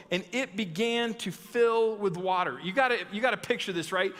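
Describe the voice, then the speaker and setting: A young male youth pastor tells a Bible story with animated energy, jumping into the characters' lines. His voice is high and sharply bright. Long reverb of a hall trails behind him. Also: moderate pace, few pauses. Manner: animated, acts out the story with shouted quotes. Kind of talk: youth sermon with Bible reading.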